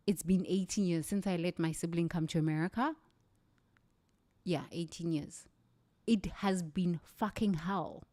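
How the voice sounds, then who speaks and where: A woman's voice: fairly low pitch, measured pace, warm tone, no echo. A middle-aged South African woman, a native Zulu speaker, giving an impassioned motivational talk with emphatic, repeated phrases. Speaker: livestream speaker.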